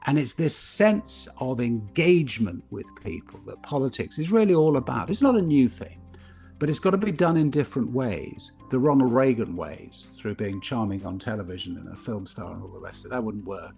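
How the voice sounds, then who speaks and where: Gravelly man, thoughtful speaker. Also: mid-range voice, normal speed, soft background music. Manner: thoughtful, anecdotal, animated when telling stories. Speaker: broadcaster and keynote speaker. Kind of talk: reflective speaker Q&A.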